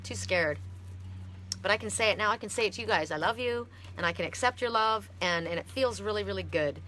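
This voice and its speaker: A middle-aged woman from Canada giving a heartfelt, halting oracle card reading on a live stream. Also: medium pitch, pushed and bright, slight background noise.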